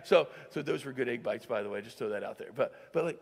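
A male pastor preaching a sermon in a conversational way, full of fillers, moving between hushed and loud, emphatic stretches. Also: medium pitch, fast talker, gravelly, hardly any pauses, breathy edge. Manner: conversational, heavy use of filler "like". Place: church sanctuary. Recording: long church-hall reverb.

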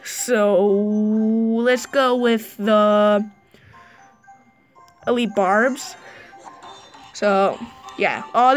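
Slow-talking woman narrating gameplay. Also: fairly high pitch, poor audio. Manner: chatty play-by-play, excited bursts. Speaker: gaming channel host. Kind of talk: live mobile gameplay commentary.

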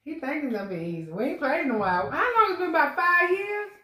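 A woman's voice: high voice, big pitch swings, fast talker, bright, forceful tone. Playful laughing woman, roomy sound. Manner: playful trash talk, laughs often. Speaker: mukbang host. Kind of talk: casual banter while eating.

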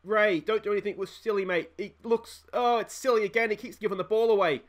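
A young Australian man commentating his own football management game, talking to the players and yelling at the screen when it gets tense. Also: sits high, fast talker. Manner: animated, yells at the screen. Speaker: gaming channel host. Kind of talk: excited let's-play commentary.

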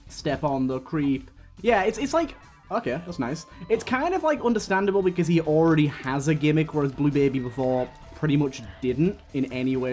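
A chatty man talks his way through a game run, full of fillers and quick restarts, with the odd hiccup breaking in. His voice sits at an ordinary middle pitch, and soft game music plays faintly underneath. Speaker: gaming YouTuber. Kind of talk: casual gameplay commentary.

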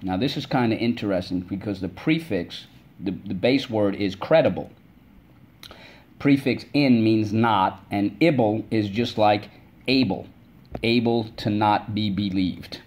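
A man's voice: lowish voice, a little mellow, slight background noise. A male teacher giving a spelling lesson to children, patient and stretching out the syllables of each word. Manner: slow, patient, drawn-out syllables.

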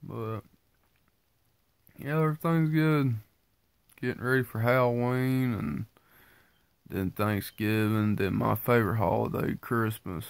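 A man's smooth but creaky voice, with fairly even intonation and long pauses, moves at a measured pace with no echo. Stuffy from sinus trouble and tired after just waking up, he casually rambles through a low-key weight-loss update for his viewers.

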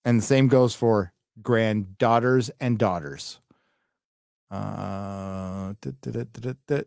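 A man's voice: fairly low pitch, takes it slowly, creaky, a little mellow, no echo, clean studio sound. A middle-aged man hosting a live stream, chatting casually and reading out donations in a rambling, profane way. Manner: rambling, profane, with many fillers.

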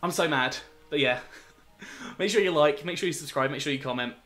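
A man's voice: fairly high pitch, a little fast, a bit bright. A man commentating his own competitive game battle, thinking aloud and turning exasperated and self-critical at his mistakes. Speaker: gaming video host.

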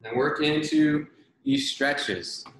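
A man runs an online workout, calling out moves and counting down sets with brisk encouragement. His voice sits a bit high. The video-call audio bounces around a very echoey room, with a faint hiss underneath. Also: a bit bright. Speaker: fitness instructor. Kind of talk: coaching an online workout class.

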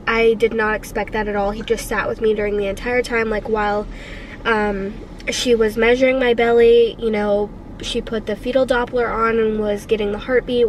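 A woman's voice: fairly high pitch, slight background noise, poor audio. A pregnant woman in her twenties chatting casually for a family vlog. She gushes and rambles emotionally, with lots of fillers. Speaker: family vlogger.

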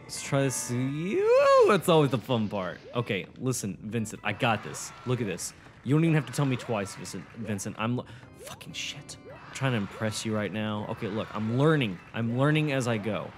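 A man's voice: fairly low pitch, expressive, fairly quick, soft background music. A young man commentating his own gameplay, swearing, boasting and getting frustrated as he talks to a friend. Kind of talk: swearing let's-play commentary.

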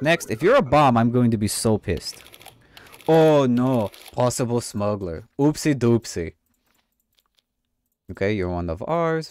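A man's voice: medium pitch, dry recording. A man streaming a game, joking in a mock-official inspector voice with a put-on accent and swearing. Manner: puts on a mock foreign accent. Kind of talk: comedic let's play commentary.

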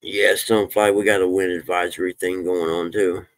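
Brief: low-voiced man, relaxed folksy live-stream chatter, dry close sound. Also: moderate pace, no room sound. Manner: folksy, swears when fired up. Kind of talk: casual live-stream chat.

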